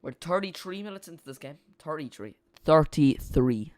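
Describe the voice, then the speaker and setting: Streamer, male, casual match chat that loops back on itself; smooth, clean voice, dry close mic. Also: medium pitch, fairly quick, no echo. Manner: casual, rambling, repeats and corrects himself. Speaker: watch-along streamer. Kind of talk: live football watch-along commentary.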